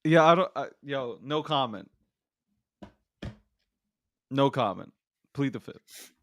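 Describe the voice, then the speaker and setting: A man hosting a casual talk show, blunt, profane and excitable. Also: mid-range voice, slow, dry recording. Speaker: podcast host. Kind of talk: casual chat.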